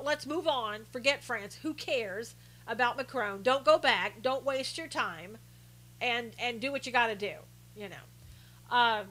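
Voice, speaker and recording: A woman's voice: fairly high pitch, bright, forceful tone, poor audio. A woman hosting a live stream, talking casually about the news and greeting viewers by name as she reads their comments. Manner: chatty, reads viewer comments aloud, many restarts.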